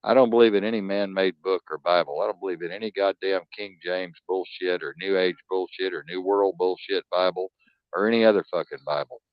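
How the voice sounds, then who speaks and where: A man's voice: deep voice, fairly even intonation, brisk, clean tone, dry recording. A man hosting a talk show, ranting bluntly and profanely in a rambling, emphatic way. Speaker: podcast host. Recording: dull lo-fi dry sound.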